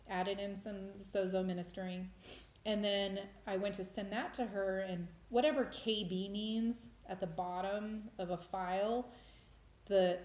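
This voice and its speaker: A woman's voice: medium pitch, darkish tone. Emotional woman rambling in a roomy echo. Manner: emotional, rambling with many restarts. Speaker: vlogger sharing faith experiences. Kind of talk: casual testimony monologue.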